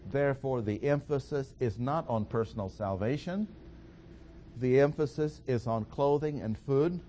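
Slow, deliberate man preaching. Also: mid-range voice, darkish tone. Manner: slow, deliberate, emphatic with pauses. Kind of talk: sermon teaching.

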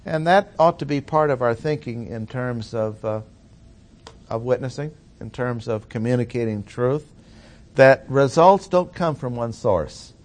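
Male preacher, mid-pitched, deliberate expository delivery with emphatic slow stresses. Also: darkish tone. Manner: deliberate, emphatic, slows on key phrases. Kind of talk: expository sermon.

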